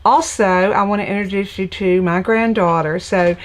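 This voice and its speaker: An older woman from the United States with a Southern accent hosts a live crafting stream, chatting in a folksy way and greeting viewers by name. Her voice is medium-pitched with fairly even intonation, and she talks at a normal speed.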